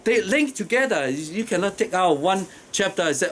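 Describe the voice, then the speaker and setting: A man with a strong non-native accent gives an informal lecture, pausing often on fillers and breaking into chuckles. His voice sits a little high for a man. A faint background hum runs underneath. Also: expressive. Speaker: teacher explaining Tao Te Ching.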